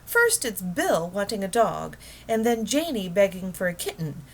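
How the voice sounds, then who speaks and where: A woman reading a children's book aloud, voicing a practical, somewhat sharp middle-aged housewife. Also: mid-range voice, big pitch swings, pitched above the performer's own voice. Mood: scolding. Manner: brisk, a little sharp.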